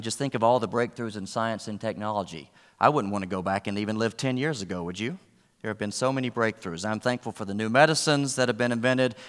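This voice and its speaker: A man's voice: medium pitch, a bit bright, big-room sound. A man preaching a sermon, earnest, with rising emphasis on key points and wry asides. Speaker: pastor.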